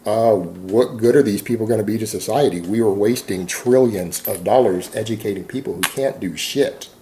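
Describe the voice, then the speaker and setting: Mellow-voiced man ranting. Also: on the low side, moderate pace, slight background noise. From Texas. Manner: defensive and sarcastic, with many fillers. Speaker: fitness YouTuber. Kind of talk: rambling monologue to camera.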